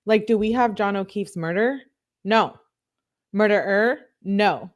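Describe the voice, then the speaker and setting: A woman hosting a livestream, reacting to a court hearing with outraged, rapid-fire rhetorical questions and swearing. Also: medium pitch. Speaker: livestream host. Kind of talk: live reaction commentary.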